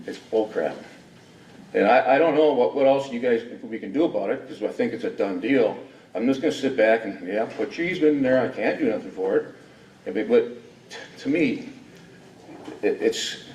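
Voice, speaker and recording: A man's voice: mid-range voice, a little mellow, a little hiss or hum. A man from Wisconsin giving a rambling, indignant public comment full of rhetorical questions at a hearing. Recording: echoey hall from far off.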